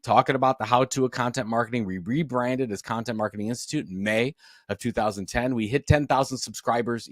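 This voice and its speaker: A man presenting a business webinar, talking straight to his audience with energetic, emphatic delivery. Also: medium pitch, dry recording, studio quality. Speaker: business author and speaker.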